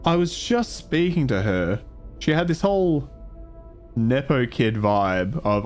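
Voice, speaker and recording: A man's voice: mid-range voice, sing-song, slow pace, a little mellow, soft background music. A man streaming a video game, ranting in frustration and swearing, often trailing off in the middle of thoughts. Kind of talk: casual gameplay commentary.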